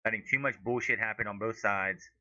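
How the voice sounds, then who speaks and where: A man calling a live match as a fan in a watch-along, his voice sharply bright and cutting. He swears freely and his pitch leaps up whenever play goes against his side. The audio is dull and lo-fi. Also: fairly even intonation, fairly quick, no echo. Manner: heated, profane ranting with sudden high-pitched outbursts.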